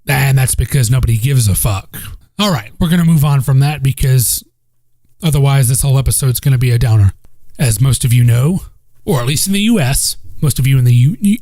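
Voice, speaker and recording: On his solo podcast, recorded dry on a home microphone, a Southern man talks casually in a blunt, profane, rambling way, circling back to the same points. His mid-range voice is mellow.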